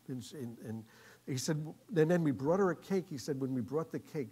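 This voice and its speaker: A male pastor telling a story in a sermon, acting out the quoted voices, getting loud for the lively parts and dropping soft for the tender ones. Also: mid-range voice, a little fast, a little hiss or hum.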